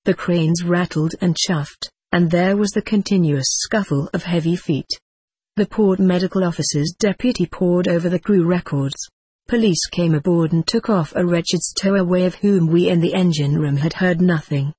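Husky, measured audiobook narrator. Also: medium pitch, a little mellow, no room sound. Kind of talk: scripted first-person narration.

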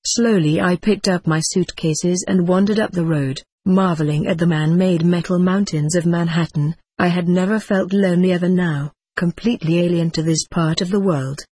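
A reader narrating a memoir-style audiobook in a measured, reflective way. The voice is husky and mid-pitched, recorded dry and close. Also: fairly even intonation, a little mellow, no room sound. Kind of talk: scripted first-person narration.

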